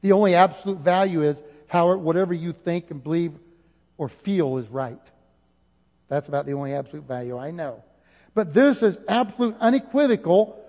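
A male pastor preaching an impassioned sermon, rising at times to near shouting. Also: fairly high pitch, steady tone, a little fast. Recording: dull audio with long hall reverb.

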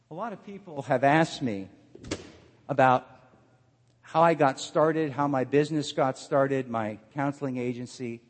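A man preaching a sermon and telling the story dramatically, his voice swinging between loud and hushed. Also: mid-range voice, a little slow, long reverb tail.

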